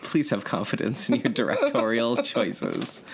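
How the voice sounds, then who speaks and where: A man's voice: mid-range voice, huge pitch swings, unhurried, vocal fry, husky. A man in a casual podcast chat, rambling and good-humored, chuckling between thoughts. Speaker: podcast co-host. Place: indoors in Yonkers, New York.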